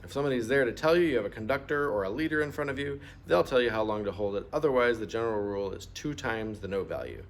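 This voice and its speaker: A man's voice: mid-range voice, lively intonation, quick pace, few pauses, slight background noise. A middle-aged man teaching a music lesson, patient and explaining step by step, asking students to repeat terms aloud. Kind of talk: instrument lesson walkthrough.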